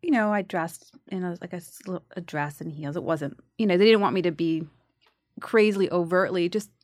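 A woman's voice: on the low side, normal speed, no room sound, studio quality. A woman in her forties, originally from New York, chatting casually as an actress guest and acting out quotes while she tells a story. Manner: animated storyteller, acts out quotes. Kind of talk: casual chat.

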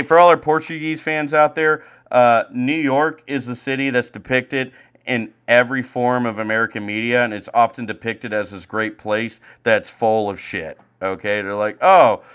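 A young man rants through a casual sports podcast, swearing freely and veering from loud outbursts to low, deflated mutters. His voice has a bright, sharp edge. He talks like a fed-up friend on a home mic. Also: clear, resonant tone. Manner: angry, profane, swings from loud ranting to low mutters. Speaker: podcast co-host. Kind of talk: profane ranting sports podcast chat. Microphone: home streaming mic.

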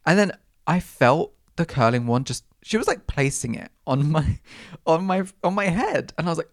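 A man's voice: lively intonation, moderate pace, no echo, studio quality. Chatty, dramatic young man. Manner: chatty and dramatic, with camp slang and sudden high exclamations. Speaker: podcast host. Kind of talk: casual solo podcast chat. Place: rural home.

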